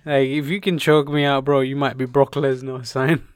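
A man's voice: mid-range voice, little pitch movement, brisk, clear, resonant tone, dry recording. Young man joking on a podcast. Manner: joking, laughs often, swears freely. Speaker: podcast co-host. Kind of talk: casual podcast chat.

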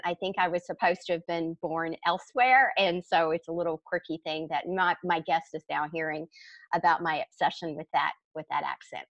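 Excitable woman hosting an interview. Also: fairly low pitch, no echo. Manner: effusive, excitable. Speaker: podcast host. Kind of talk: casual interview chat.

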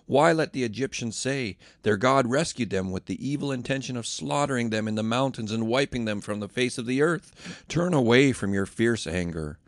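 A man's voice: mid-range voice, lively intonation, moderate pace, dry recording, studio quality, close to an everyday voice. A man voicing Moses in a Bible reading, impassioned, urgent and pleading. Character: Moses, older male prophet, earnest and pleading.

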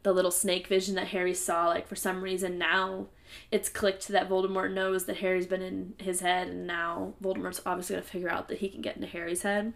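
A woman's voice: on the low side, level tone, brisk, creaky. Casual woman recapping a story. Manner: conversational summarizing, playful sarcasm. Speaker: podcast co-host. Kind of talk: casual book discussion podcast.

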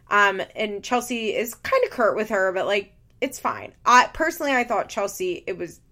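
A woman's voice: medium pitch, gravelly, fairly bright tone. A young adult woman hosting a podcast, recapping a TV show in an opinionated, casual way and filling her talk with "like". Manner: chatty, opinionated, heavy "like" filler. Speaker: podcast host.

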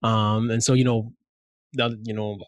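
Slangy, animated man in a dry mic. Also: fairly low pitch, measured pace, no room sound. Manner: animated storyteller, slangy, many fillers. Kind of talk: casual chat.

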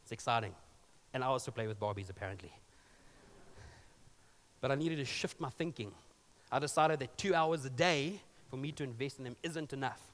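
A male pastor preaching a sermon, telling a story conversationally with joking asides. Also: a little high. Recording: long reverb of a large hall.

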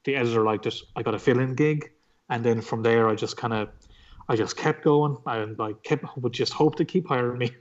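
A man's voice: medium pitch, fairly quick. Rambling Irish man, dull lo-fi sound. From Ireland. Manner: rambling, full of fillers and swearing. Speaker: comic book artist guest. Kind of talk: casual storytelling interview.

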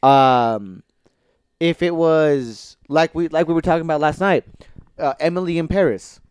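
A man's voice: fairly high pitch, unhurried, a little mellow, clear, resonant tone, no room sound, studio quality. A man in casual podcast chat about TV shows, rambling with many fillers and restarts and swearing casually.

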